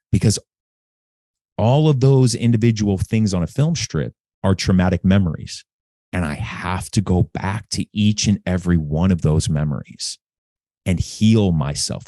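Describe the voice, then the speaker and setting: A man's voice: sits low, mellow, no room sound, studio quality. A man, a podcast guest, telling his story in an earnest, candid way and repeating phrases when moved.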